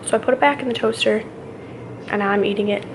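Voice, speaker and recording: A woman's voice: medium pitch, fairly even intonation, quick pace, a little hiss or hum, rough recording. A young woman vlogging, a mother telling a chaotic story in a chatty, ranting way full of fillers. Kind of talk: casual vlog storytime.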